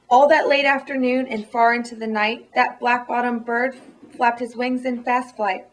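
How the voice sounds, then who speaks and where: A woman's voice: fairly high pitch, rough recording. Woman reading a rhyming storybook. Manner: rhythmic, lilting delivery.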